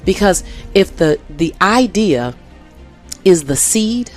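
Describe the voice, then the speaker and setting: A woman's voice: lowish voice, lively intonation, takes it slowly, faint music behind. A woman guest in a conversational interview, speaking emphatically and repeating key phrases for effect.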